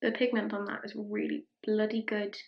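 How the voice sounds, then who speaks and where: A woman's voice: mid-range voice, flat delivery, normal speed, gravelly, muffled recording. A young Irish woman chatting casually through a makeup tutorial, with a self-mocking, rambling manner. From Ireland. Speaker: beauty vlogger. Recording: echoey room.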